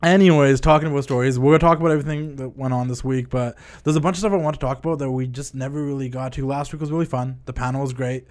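A man co-hosting a wrestling podcast in casual chat, with a showy, loud opening and chatty delivery. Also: mid-range voice, steady tone, very fast, hardly any pauses. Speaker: podcast co-host.

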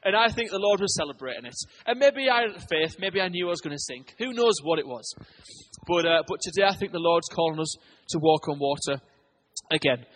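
A British pastor preaches with restless energy, his voice sitting high for a man. He tells stories fast, stumbling and repeating words as he goes. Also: expressive, fairly bright tone, a little hiss or hum. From England. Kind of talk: sermon.

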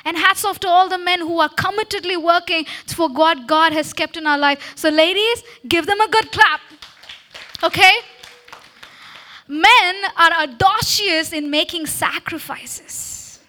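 Into a handheld mic, a woman at a church meeting gives a sermon-style talk to the congregation in a very high, bright and forceful voice, unhurried in pace. She exhorts the listeners and checks in with them again and again through frequent "Okay?" call-and-response.

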